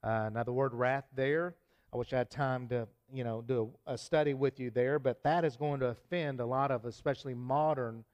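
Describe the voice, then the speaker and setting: A pastor preaching in a church, his voice sitting at an ordinary middle pitch for a man. He talks earnestly, full of "um"s and restarts, then climbs higher and louder whenever he hammers a point home. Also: fairly even intonation, moderate pace, highs cut off. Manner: earnest, with frequent fillers and restarts; raises pitch and volume for emphasis. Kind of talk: sermon. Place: church sanctuary.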